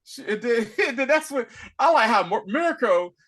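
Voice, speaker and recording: Animated man with lively pitch swings. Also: moderate pace. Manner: animated, acts out characters with big pitch swings and laughter. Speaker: podcast co-host. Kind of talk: casual chat recapping a TV episode.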